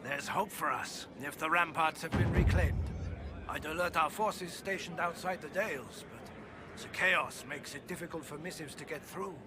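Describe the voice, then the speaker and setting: An actor playing a weary middle-aged male army marshal who talks formally and gruffly and scorns rebels. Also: a little high, normal speed, heavy background noise, lightly acted.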